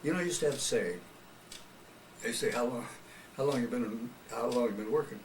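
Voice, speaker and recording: A man's voice: medium pitch, a little fast. An older man, a retired radio personality, telling folksy stories in an oral history interview. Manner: folksy storyteller, chuckles often. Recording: roomy, distant mic with background noise.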